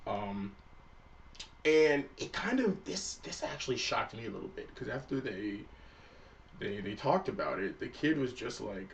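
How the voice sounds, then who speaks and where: A man's voice: mid-range voice, animated, measured pace, vocal fry, recorded from a distance, a little hiss or hum. A man reviewing an anime episode in a loose, casual recap, swearing freely and acting out the characters' lines.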